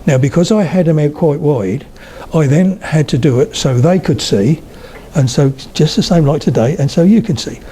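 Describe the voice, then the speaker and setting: A man's voice: fairly high pitch, lively intonation, normal speed, dark tone, a little hiss or hum. An older man giving a humorous public talk on regional accents, telling anecdotes and demonstrating mouth shapes. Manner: storytelling, demonstrates accents, chatty asides. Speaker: lecturer on accents. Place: hall with a live audience.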